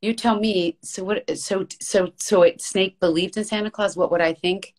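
A woman's voice: fairly low pitch, fairly even intonation, normal speed, darkish tone. A woman talking as an interview guest about her voice-acting work, chatty and earnest, in long flowing runs. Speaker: guest voice actress. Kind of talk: casual interview.

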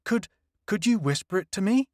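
Male narrator doing a high, jumpy young major; nervous, pleading. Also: expressive, moderate pace, darkish tone, no room sound, clean studio sound. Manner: anxious, pleading.

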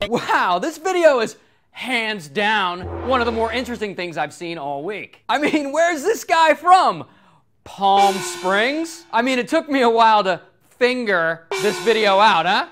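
A man's voice: very high-pitched, expressive, measured pace, a bit bright, faint music behind. A man hosting a comedy show, giving sarcastic, crude commentary on viral videos to the camera. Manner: sarcastic, crude, punchline-driven.

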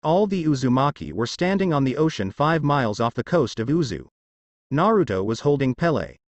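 A man's voice: medium pitch, big pitch swings, a little fast, no echo. A man reading fanfiction aloud as a storybook narrator, voicing every character.

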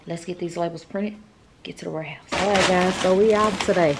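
A woman's voice: on the low side, a little fast, background noise. A middle-aged woman, talking casually to camera in a daily vlog, chatty and laid-back. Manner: chatty and laid-back, loud and excited at times. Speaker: vlogger.

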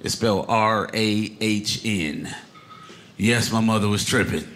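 A man doing stand-up comedy with an expressive, drawn-out delivery. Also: lowish voice, heavy background noise. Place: comedy club stage before an audience.

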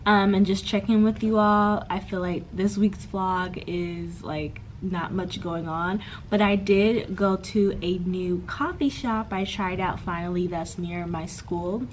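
Low-voiced woman vlogging casually. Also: fairly even intonation, measured pace, few pauses, a little hiss or hum, rough recording. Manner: chatty, filler-heavy, addresses viewers as y'all. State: emotional, stressed and tired. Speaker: vlogger, grad student. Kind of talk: casual vlog chat.

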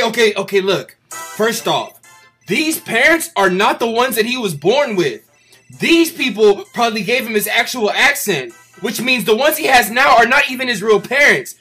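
A man doing loud, profane, mocking comedy commentary over a cartoon, with light music behind him. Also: very high-pitched, very animated, a little slow, long pauses, slightly rough.

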